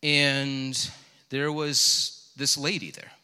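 Middle-aged male pastor, bright and forceful tone, chatty sermon storyteller, reverberant church hall. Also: mid-range voice, level tone, drawn-out words, smooth. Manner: storytelling, conversational and self-deprecating. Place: church sanctuary.

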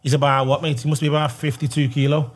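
A man's voice: a little high, level tone, quick pace. A man, a podcast guest telling blunt, sweary stories in casual chat. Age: 30s.

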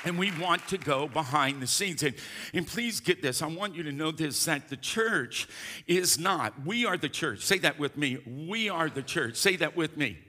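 In a church sanctuary, a middle-aged pastor preaches emphatically, calling for responses from the congregation. His slightly high voice sounds pushed and bright, with lively intonation at a moderate pace. Some chatter can be heard behind him, and the large hall adds a long reverb.

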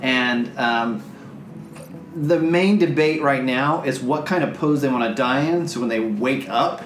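A man's voice: medium pitch, a little slow. A man narrating a tabletop game as game master, chatty with laughing asides. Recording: roomy sound with faint music.

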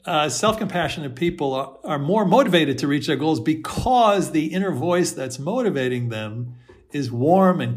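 Gentle man teaching on a video call. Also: on the high side. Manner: gentle, reflective, laughs softly, acts out inner voices. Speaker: host and self-compassion teacher.

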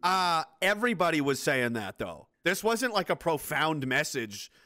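A man in casual podcast chat, rambling and animated, swearing freely as he rants. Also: a little high, moderate pace, dry recording, clean studio sound. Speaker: podcast co-host.

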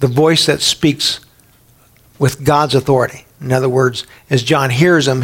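A middle-aged man preaching a Bible teaching sermon in a conversational way, sometimes acting out quoted voices. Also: mid-range voice. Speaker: pastor.

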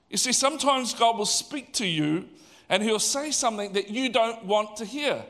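A man preaching a sermon in an animated, conversational way, asking the audience questions. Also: high-pitched, normal speed. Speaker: pastor.

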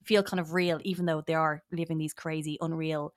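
A woman chatting as a podcast guest, rambling and animated. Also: sits low, fairly quick. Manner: rambling, animated, drops into mock voices. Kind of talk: casual chat.

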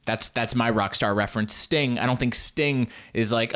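Casting: young male comic, solo podcast chat, rambling and self-deprecating, mid-pitched voice. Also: fairly quick, hardly any pauses. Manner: rambling, self-mocking, animated. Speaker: comedian podcast host.

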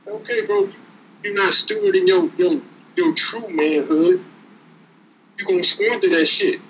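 A man talks in a casual, preachy, streetwise way, stacking repeated words as he drives home a lesson. His voice sits a bit high and rings bright and forward. A faint hiss runs underneath. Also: steady tone, a little slow, highs cut off. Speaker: podcast co-host. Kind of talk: casual motivational talk.

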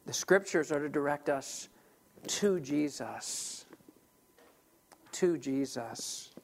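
A man preaching a sermon as pastor, talking in an animated, emphatic way with frequent restarts. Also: on the high side, takes it slowly, gravelly, a little hiss or hum.

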